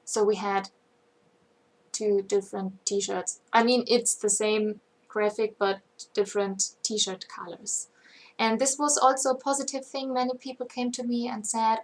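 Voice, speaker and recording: Slow, halting German-accented woman. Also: mid-range voice, level tone. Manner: halting, searches for words. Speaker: band member co-hosting a livestream. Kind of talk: casual livestream chat.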